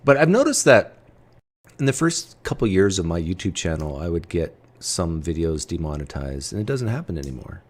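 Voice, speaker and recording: A man's voice: low-pitched, very animated, moderate pace, slightly rough. A man hosting a livestream, talking bluntly and casually in a provocative, chatty way. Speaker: livestream host.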